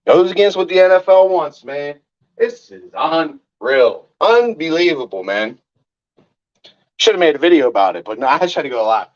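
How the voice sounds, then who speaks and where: A man's voice: on the high side, lively intonation, normal speed, muffled recording. Fired-up man ranting. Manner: angry, profane ranting. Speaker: sports fan streamer. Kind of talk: live-streamed rant.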